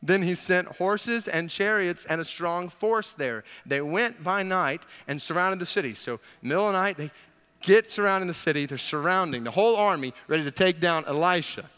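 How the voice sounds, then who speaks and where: A man preaching a sermon, retelling a Bible story in an animated way with quips to the congregation. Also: sits high, moderate pace, clean tone, big-room sound. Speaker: pastor.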